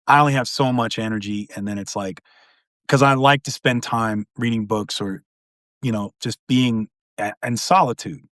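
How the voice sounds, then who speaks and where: A man's voice: medium pitch, steady tone, normal speed, fairly bright tone, dry recording, studio quality. A middle-aged man talking earnestly on a live video call, rambling and often adding "you know". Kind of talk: casual conversation on a live stream.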